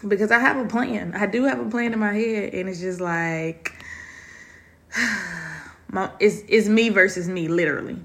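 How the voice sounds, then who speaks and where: A podcast host alone at her dining room table talks to listeners in a heartfelt, confiding way, addressing them as y'all. Her voice is medium-pitched and fairly bright, a little slow, with long pauses.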